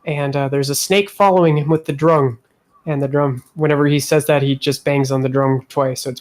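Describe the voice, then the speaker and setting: A man's voice: a little high, steady tone, a little fast. A man running a tabletop game as game master, narrating with many hesitations and easy laughs.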